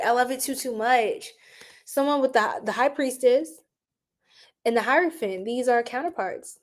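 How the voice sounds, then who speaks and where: A young woman giving a casual live-stream tarot reading, animated and slangy as she chats with her viewers. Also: high-pitched.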